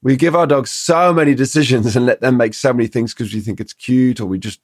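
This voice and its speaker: A man's voice: mid-range voice, fairly quick, no room sound, studio quality. A middle-aged man, a dog trainer in a podcast conversation, explaining his ideas and acting out little quotes from dogs and owners. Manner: animated storyteller, acts out dog and owner quotes.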